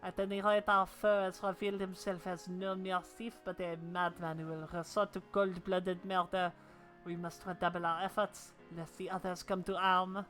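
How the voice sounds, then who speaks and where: A woman voicing a theatrical, bumbling gentleman inspector in a video game, speaking in old-fashioned formal phrasing. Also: fairly low pitch, level tone, moderate pace, soft background music, natural voice. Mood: dramatic.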